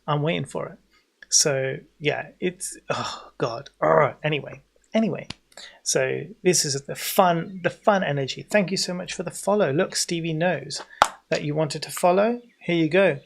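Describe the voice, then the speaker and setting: A man in his forties with an English accent, chatting casually while livestreaming a game, rambling on and breaking into excited greetings for viewers. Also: a little high, a little slow, gravelly. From England. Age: 40s. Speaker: game streamer.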